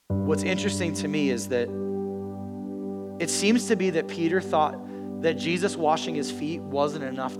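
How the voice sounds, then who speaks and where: A male pastor preaching a sermon, animated and joking with the congregation. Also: a little high.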